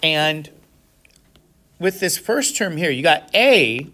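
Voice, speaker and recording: A man lectures a classroom of students in a lively, expressive voice that swings widely in pitch. He keeps throwing questions at the class to make sure they are with him, and breaks into sudden exclamations. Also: slow pace. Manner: asks the class frequent questions, checking understanding. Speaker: math instructor.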